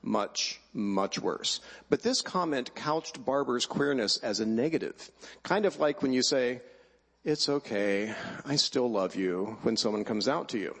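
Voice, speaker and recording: A man's voice: medium pitch, animated, normal speed. A middle-aged man giving a wry, emphatic personal speech at a choir event before introducing the choir. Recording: long hall reverb.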